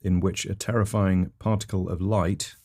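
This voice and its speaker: Low-voiced man telling absurd stories deadpan. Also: moderate pace. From England. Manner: rambling, matter-of-fact delivery with self-corrections. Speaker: comedy podcast host.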